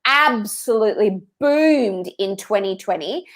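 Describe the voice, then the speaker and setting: A woman, a podcast guest explaining Instagram marketing in a lively, emphatic way. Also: mid-range voice, unhurried. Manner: lively, emphatic, acts out quoted thoughts. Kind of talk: casual interview answers.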